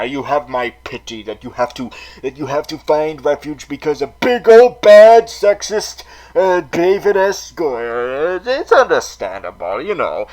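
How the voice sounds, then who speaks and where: A man ranting through a comedic TV recap in a theatrical villain persona. His voice sits high and swings widely, swerving between loud outbursts and mutters, with frequent swearing. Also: expressive, measured pace, few pauses, rough recording. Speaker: vlog host in villain persona.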